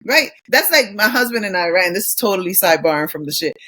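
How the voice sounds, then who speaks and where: A woman's voice: medium pitch, animated, quick pace, pushed and bright. A woman in her thirties co-hosting a podcast, ranting in a casual, profane way with acted quotes. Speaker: podcast co-host. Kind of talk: casual chat.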